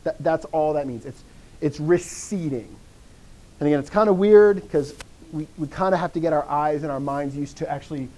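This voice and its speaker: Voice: medium pitch, warm tone, rough recording. A teacher giving a classroom lecture in a room with students, encouraging the class, often quizzing them and repeating key phrases. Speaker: Greek teacher.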